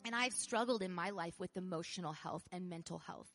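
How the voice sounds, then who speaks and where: A woman pastor preaching a sermon in an animated way, laughing often, repeating phrases and building to loud emphasis. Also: lowish voice, brisk, soft background music.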